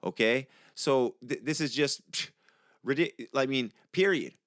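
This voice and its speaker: A man's voice: mid-range voice, a little slow, fairly bright tone, dry recording, studio quality. A young man hosting a podcast, talking in a heated, profane, conversational monologue. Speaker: podcast host. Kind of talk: casual monologue.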